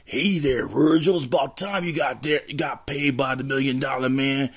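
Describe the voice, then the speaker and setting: A man's voice: medium pitch, normal speed, slightly rough. A man impersonating a brash, showboating male pro wrestler on a podcast, recorded on a phone. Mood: boastful.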